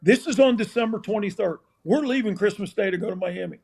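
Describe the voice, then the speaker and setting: Older man, high gravelly storyteller. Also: quick pace. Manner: animated storyteller, acts out scenes. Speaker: former college football assistant coach, guest. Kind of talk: casual anecdotal storytelling.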